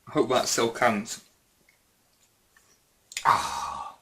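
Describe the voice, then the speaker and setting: A man's voice: medium pitch, steady tone, extremely slow, bright, forceful tone, slight background noise. A man hosting a casual Q&A vlog, rambling and hesitant with many fillers and restarts. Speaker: YouTube gaming channel host.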